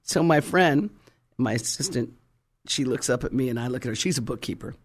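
A woman preacher telling her testimony in a sermon, animated and fervent, acting out the people in her story. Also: very deep voice, brisk. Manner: fervent, exclamatory.

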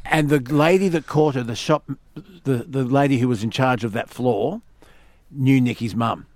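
A man's voice: medium pitch, normal speed, a little mellow, no room sound. A man with an Australian accent hosting late-night radio, rambling through stories with many fillers and restarts. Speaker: radio host.

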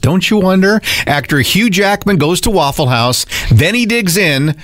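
A man's voice: sits high, expressive, normal speed, a bit bright, dry recording. A man co-hosting a radio morning show, chatting casually in a dry, teasing way. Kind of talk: casual chat. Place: radio studio.

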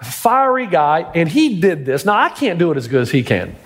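A middle-aged pastor preaches a sermon, his voice pitched fairly high for a man. He tells stories with dramatic build-ups, layering one line on the next. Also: big pitch swings, moderate pace, slight background noise.

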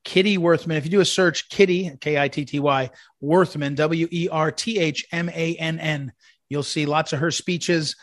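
A man's voice: fairly high pitch, fairly even intonation, normal speed, no echo, studio quality. A man hosting a commentary segment, telling rambling, anecdotal stories in a eulogy style. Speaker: commentary host.

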